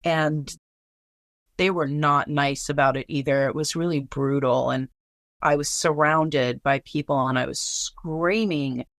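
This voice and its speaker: A woman's voice: low voice, steady tone, measured pace, dry recording, clean studio sound. A woman recounting a personal story in casual, blunt speech, swearing freely and filling with "like".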